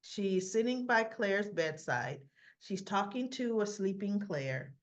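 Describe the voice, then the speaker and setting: A woman's voice: medium pitch, lively intonation, slow pace. A woman hosting a casual soap recap, chatty and opinionated, acting out characters' lines as she goes. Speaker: soap opera recap host.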